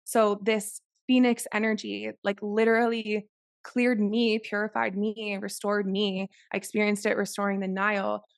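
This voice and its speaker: A woman's voice: mid-range voice, level tone, moderate pace, vocal fry, no echo, studio quality. A woman co-hosting a podcast, telling of her spiritual experiences in an earnest, emphatic way. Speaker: podcast co-host. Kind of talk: casual chat.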